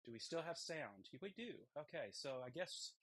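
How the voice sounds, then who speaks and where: A man's voice: fairly high pitch, very animated, fairly bright tone, dry recording, rough recording. Guy in his workshop talking while he forges, rambly, lots of um and uh, wireless mic. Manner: rambling, thinking aloud between tasks, halting with fillers. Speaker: blacksmith livestream host. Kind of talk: casual chat while forging. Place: smithy workshop. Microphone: wireless transmitter mic.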